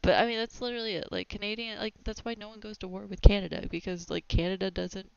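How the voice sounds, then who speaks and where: A woman hosting a casual opinion podcast, animated and opinionated, often laughing as she talks. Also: mid-range voice, fast, creaky, clear, resonant tone, no room sound. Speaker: podcast host. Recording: dry, slightly dull lo-fi sound.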